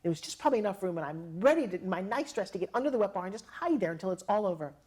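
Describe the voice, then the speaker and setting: A middle-aged woman telling a personal story, dramatic and expressive, acting out the voices of the people in it. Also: medium pitch, rapid-fire, husky. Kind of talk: animated storytelling.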